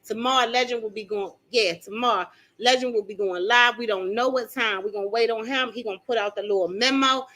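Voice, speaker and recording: A middle-aged woman hosting a live stream from home, chatting with viewers in an animated, exclaiming way and laughing often. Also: a little high, fairly quick.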